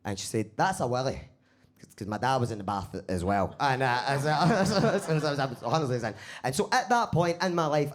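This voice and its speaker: A mid-range-voiced man with a Glaswegian accent performs live stand-up in a basement comedy club. He's animated, swears freely, and laughs at his own jokes.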